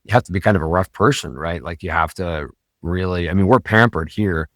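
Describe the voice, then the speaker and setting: A man's voice: low voice, a little fast, a bit bright, no room sound, clean studio sound. A man hosting a podcast, talking in a casual, rambling way with many fillers and self-corrections. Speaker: podcast host.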